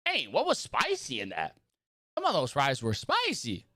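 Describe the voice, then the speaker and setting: A man's voice: medium pitch, huge pitch swings, moderate pace, bright, forceful tone, dry recording. A man live-streaming a baseball video game, chatting casually and joking around with silly voice impressions. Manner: jokey, tries silly voice impressions, repeats lines. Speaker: gaming streamer. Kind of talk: casual live-stream chat while playing.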